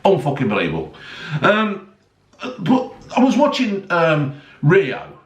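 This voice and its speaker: Sweary ranting Englishman, lively high voice. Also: measured pace, distant mic, lo-fi sound. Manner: sweary, sarcastic, heated. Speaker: vlogger. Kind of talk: angry ranting monologue. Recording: roomy, voice a bit off-mic.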